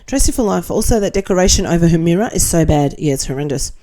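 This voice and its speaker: A woman's voice: lowish voice, expressive, fast talker, mellow. A middle-aged Australian woman hosting a casual commentary chat, reading viewer comments aloud with blunt, sarcastic, laughing asides.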